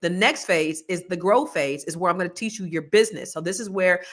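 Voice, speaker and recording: A woman's voice: fairly low pitch, lively intonation, fairly quick, a bit bright. A middle-aged woman hosting a podcast in a casual, rambling way, laughing often. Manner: chatty, rambling, laughs a lot, slangy. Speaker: podcast host. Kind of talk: casual chat with viewers.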